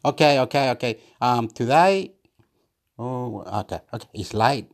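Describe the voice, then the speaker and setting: A man's voice: medium pitch, expressive, measured pace. Giggly guy, swearing and rambling. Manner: laughing often, swearing, nonsense scatting and vocal percussion. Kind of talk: late-night solo recording, rambling and beatboxing.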